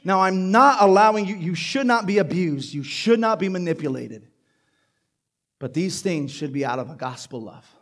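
A man preaching a sermon to a congregation, building from quiet points to loud, emphatic passages. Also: a little high, moderate pace. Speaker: pastor. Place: church hall before a live congregation.

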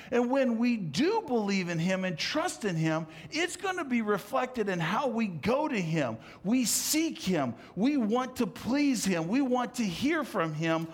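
A middle-aged male pastor delivering a sermon, swinging from loud emphatic calls to soft, low asides.

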